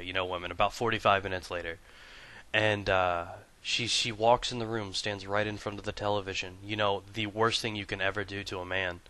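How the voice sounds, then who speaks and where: Low and resonant, this clear male voice hosts a gaming video, spinning a comic story and running through his gear amid crude, profane banter. He swings from hushed storytelling to loud, excited bursts as he mixes comedy with gameplay commentary.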